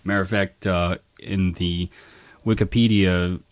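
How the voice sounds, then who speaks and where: A man's voice: low voice, a little slow, no echo. A man co-hosting a podcast, chatting casually about a movie with lots of restarts and filler words. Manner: rambling, many restarts and "uh"s, gets animated telling scenes. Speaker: podcast co-host. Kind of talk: casual movie review chat.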